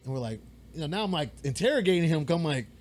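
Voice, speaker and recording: A young man co-hosting a podcast, telling a story in a rambling, animated way, swearing freely and acting out the voices of people he quotes. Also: on the high side, very fast. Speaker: podcast co-host. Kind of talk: casual storytelling chat. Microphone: podcast mic.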